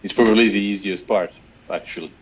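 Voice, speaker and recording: Man, low voice, dry teasing, casual chat, clear noise behind. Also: fairly even intonation, brisk, lo-fi sound.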